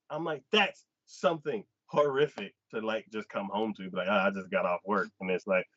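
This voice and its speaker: A little fast and with few pauses, an anime podcast host gives an animated retelling of an episode, acting out characters' lines with jumps in pitch. The recording is dry, dull and lo-fi.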